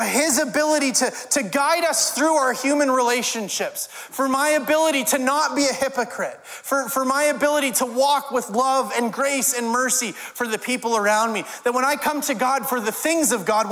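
A man's voice: very high voice, bright, forceful tone. A male pastor preaching a sermon in a conversational way, with wry humorous asides. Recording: long hall reverb.

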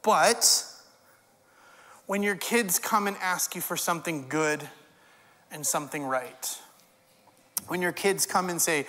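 A man's voice: a little high, slow, long pauses, sharp tone. Guy pastor giving a sermon, chatty with dry jokes, lots of hall reverb. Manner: conversational preaching with wry humorous asides.

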